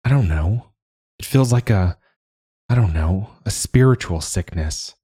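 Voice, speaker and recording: A man reading a quiet, earnest young girl's lines in an audiobook, soft and hesitant. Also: sits low, expressive, unhurried, slightly rough, full character voice.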